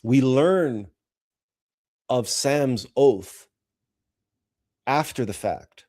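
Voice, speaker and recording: A man's voice: medium pitch, expressive, drawn-out words, darkish tone. A man hosting a spiritual talk show, speaking in an earnest, emotional monologue with frequent repeats and restarts. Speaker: host.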